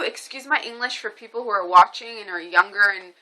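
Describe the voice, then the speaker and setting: Woman vlogger, spiritual reader, casual rambling monologue, bright and sharp tone. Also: mid-range voice, brisk, rough recording. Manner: rambling, animated, many fillers and restarts.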